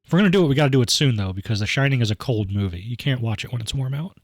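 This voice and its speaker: Host reading a game aloud, casual and wry; man, animated pitch, dry mic. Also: very fast, no room sound. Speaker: game streamer narrating.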